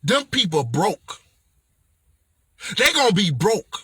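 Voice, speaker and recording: A man's voice: high voice, very animated, slow pace, bright, forceful tone, breathy edge, dry recording. A man giving an emphatic, slangy motivational vlog talk as a speaker and author, playful and preachy.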